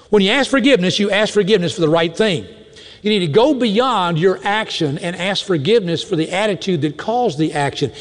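A man preaching in a high voice that swings widely as he drives his points home. His sermon is animated, with mock-indignant asides to the congregation. The sound carries the long reverb of a large hall. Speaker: pastor.

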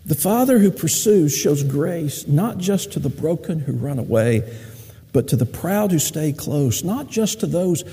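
A man's voice: fairly high pitch, animated, a little slow, warm tone, husky, big-room sound. A man preaching a sermon, telling stories in a folksy way. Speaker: pastor.

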